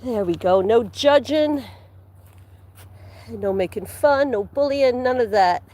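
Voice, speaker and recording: A woman with a somewhat high voice talks on a livestream as she walks outdoors through the woods. She chats casually with her viewers and rambles from one story to the next. She laughs easily and sometimes drops to a whisper. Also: lively intonation, takes it slowly, mellow. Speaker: livestream host. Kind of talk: casual chat while walking outdoors.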